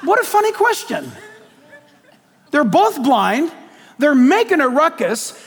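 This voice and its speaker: A man preaching a sermon in an animated, joking way, putting questions to his audience. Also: extremely high pitch, takes it slowly, big-room sound.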